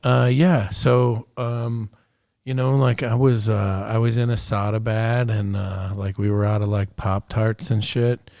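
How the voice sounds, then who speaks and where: A man's voice: fairly low pitch, level tone, a little slow, darkish tone, no echo, studio quality. Profane, laid-back storyteller man. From United States. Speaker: podcast guest, retired special operations soldier. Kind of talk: casual storytelling interview.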